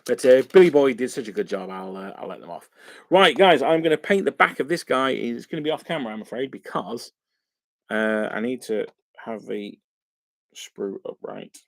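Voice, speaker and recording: Chatty man with a gravelly voice. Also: mid-range voice, expressive, moderate pace, dry recording. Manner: rambling and chatty, many fillers. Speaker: wargaming channel host. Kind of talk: casual live-stream chat while painting miniatures.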